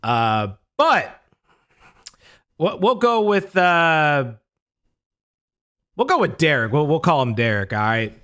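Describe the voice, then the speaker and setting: A young man with a high, bright voice that swoops up and down as he tells a story. He talks casually and emphatically, swears freely, and often says things twice. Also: sing-song, takes it slowly, long pauses, clean tone. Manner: emphatic, profane, repeats himself. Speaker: storytelling YouTuber.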